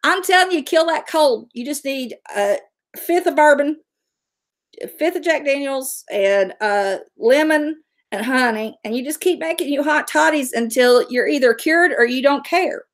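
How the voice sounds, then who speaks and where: A woman's voice: high-pitched, normal speed. A middle-aged woman, hosting a casual livestream, chatting and answering viewer comments. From West Virginia, USA. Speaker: livestream host.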